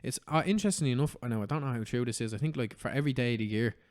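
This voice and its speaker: A man's voice: medium pitch, rapid-fire, darkish tone. An Irish man hosting a podcast, chatting casually with lots of swearing and "do you know what I mean". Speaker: podcast host.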